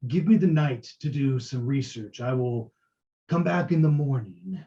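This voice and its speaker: A man voicing a haughty, aloof male high elf who speaks slowly and with measured care, in a tabletop game. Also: animated, warm tone, recorded from a distance. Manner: slow, measured. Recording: dull lo-fi audio.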